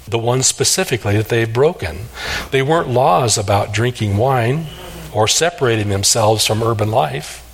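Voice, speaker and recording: A man preaching an expository sermon, earnest and emphatic, slowing down to stress key phrases. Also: mid-range voice. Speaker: pastor.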